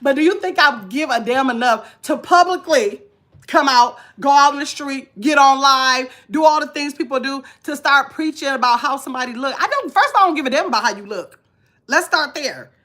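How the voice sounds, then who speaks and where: Nasal, bright-voiced woman in her fifties. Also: high voice, lively intonation, moderate pace. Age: 50s. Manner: blunt, preachy, reads comments aloud. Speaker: vlogger. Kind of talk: casual live-stream talk.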